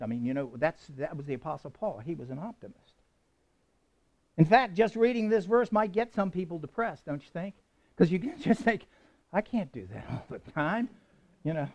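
A man's voice: high-pitched, darkish tone, dull audio. A man preaching a sermon to a congregation, speaking conversationally, asking questions and chuckling now and then. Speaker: pastor.

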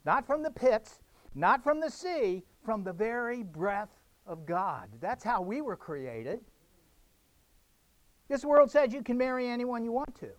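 A man's voice: extremely high pitch, big pitch swings, unhurried, no echo. Emphatic preaching man, dry sound. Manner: emphatic preaching with repeated phrases. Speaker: pastor. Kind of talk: sermon.

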